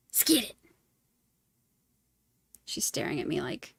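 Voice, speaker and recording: A woman's voice: fairly high pitch, very animated, slow, long pauses, husky. A woman hosting a casual true crime live stream, chatting and reading viewer comments aloud. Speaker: true crime livestream host.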